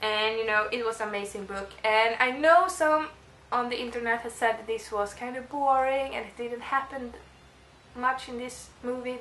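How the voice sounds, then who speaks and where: A young woman talks to camera in a bright, ringing voice that bounces around a roomy echo. She gushes and rambles with restarts, and a faint hiss sits underneath. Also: a little high. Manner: gushing, excitable, rambling with restarts. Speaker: book vlogger. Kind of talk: casual monologue to camera.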